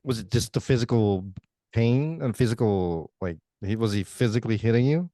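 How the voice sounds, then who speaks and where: A man's voice: mid-range voice, lively intonation, normal speed, warm tone, no echo. A man hosting a podcast, chiming in with short replies and questions while his guest talks. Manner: brief listening responses and questions. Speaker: podcast host. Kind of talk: casual chat.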